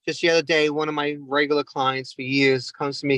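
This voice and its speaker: Rambling stand-up comic, higher male voice. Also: fairly even intonation, fairly quick, few pauses, fairly bright tone, no room sound, poor audio. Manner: rambling, self-mocking, calls the crowd "guys". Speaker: stand-up comedian. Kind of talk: stand-up comedy.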